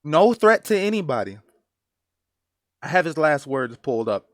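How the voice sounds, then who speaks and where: A man giving personal commentary as a vlogger, earnest and emotional, halting and repeating phrases for emphasis. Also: fairly high pitch, big pitch swings, no echo, clean studio sound.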